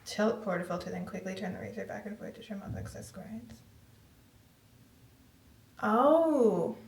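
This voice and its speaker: Excitable woman chatting from across an echoey room. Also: mid-range voice, fast talker, creaky, recorded from a distance. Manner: chatty, excitable, reads labels aloud. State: out of breath at times. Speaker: vlogger. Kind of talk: casual unboxing chat.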